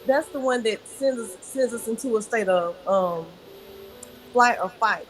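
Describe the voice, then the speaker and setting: A woman yoga teacher guiding a breathing exercise, speaking calmly and instructively and answering politely. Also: a little high, a little slow, soft background music, low-quality recording. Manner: calm, instructive, says "yes, ma'am".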